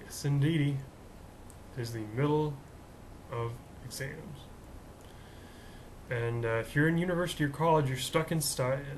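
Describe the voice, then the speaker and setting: A man's voice: on the high side, slight background noise, low-quality recording. A young man in his twenties hosting a comedic vlog, talking in a rambling, jokey, self-mocking way. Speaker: host.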